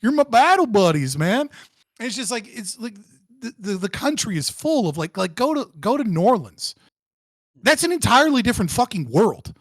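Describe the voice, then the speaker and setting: A man guest in a casual political debate, animated and profane, who often restarts his sentences. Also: very high-pitched, a little fast, dry recording.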